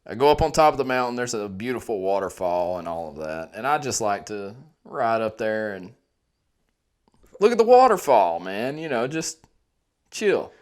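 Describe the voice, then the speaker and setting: A man casually telling a wild story on a podcast, animated and profane, his voice swinging from loud to quiet. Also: on the low side, normal speed.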